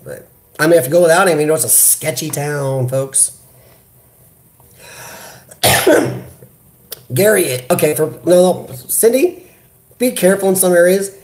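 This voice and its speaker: A man from the United States hosting a casual live chat, talking in an animated, chatty way into a computer webcam. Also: on the high side, a little slow, long pauses. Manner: animated, chatty, reads viewer comments aloud. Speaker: livestream host. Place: hospital room.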